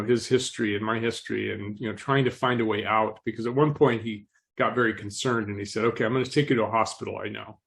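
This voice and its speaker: Male interview guest, calm and reflective storyteller, clears his throat often, gently amused. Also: on the low side. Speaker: podcast guest.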